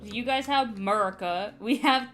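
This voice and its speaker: A young woman with a Canadian accent chats casually on her stream, teasing her viewers and laughing often. Her voice is bright, and faint game music plays underneath. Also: on the high side, moderate pace. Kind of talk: casual chat while playing.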